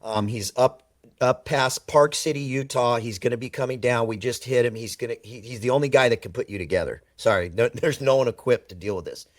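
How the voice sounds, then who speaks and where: Man, podcast guest, animated storytelling, emphatic repetition, mid pitch, dry close sound. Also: brisk, no room sound. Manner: animated storyteller who acts out quoted dialogue; emphatic, repeats words for effect. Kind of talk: personal storytelling in conversation.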